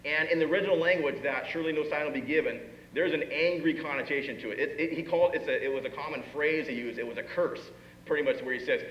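A man's voice: medium pitch, fast, a bit bright. A man preaching a sermon in a conversational way, often asking the listeners questions and acting out the people in his story. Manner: conversational, with rhetorical questions and acted-out asides. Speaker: pastor. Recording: echoey hall, dull sound, faint room noise.

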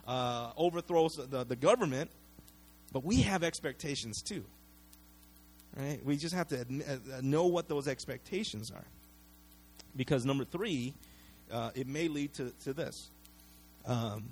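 A man with a high voice preaches a sermon to his congregation. He talks in a loose, conversational way, stumbles over and repeats words, and keeps checking in with "right?". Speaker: pastor.

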